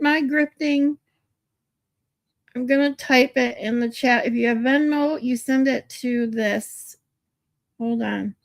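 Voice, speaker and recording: A woman's voice: a little high, a little slow, creaky, no echo. A woman hosting a casual livestream, talking to her chat in a chatty way and laughing easily. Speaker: livestream host.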